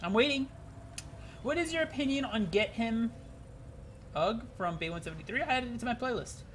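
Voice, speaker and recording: Swearing, high-voiced male streamer. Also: animated, normal speed, fairly bright tone, a little hiss or hum. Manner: rambling, swears freely, talks to chat. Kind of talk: casual live-stream gaming chat.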